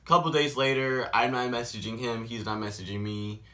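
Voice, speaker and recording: A man telling a story in a casual vlog, animated and sarcastic. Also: mid-range voice, fairly quick. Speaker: vlogger.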